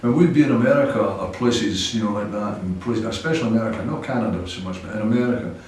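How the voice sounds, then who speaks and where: A man's voice: fairly low pitch, quick pace, a little mellow, slight background noise. A man from Scotland with a Scottish accent, a rock musician chatting in an interview and telling rambling anecdotes with frequent chuckles. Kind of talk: casual interview chat. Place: old cinema venue. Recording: echoey room from a distant mic.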